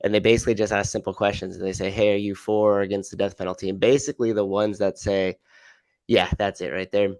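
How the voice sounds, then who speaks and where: A man's voice: lowish voice, flat delivery, quick pace, a little mellow, dry recording. Laid-back man saying "like" a lot. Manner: laid-back, filler-heavy with lots of "like". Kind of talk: casual conversation.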